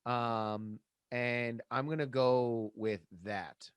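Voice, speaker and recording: A man's voice: medium pitch, steady tone, drawn-out words, clean tone, dry recording. A man playing as a contestant in a comedy game, bantering casually with slangy, laid-back talk.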